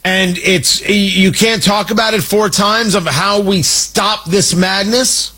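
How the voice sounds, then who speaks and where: A man's voice: high-pitched, fairly even intonation, slow pace, pushed and bright, slightly rough, poor audio. A man hosting a political commentary show, talking in an indignant, emphatic way with mocking asides. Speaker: talk show host.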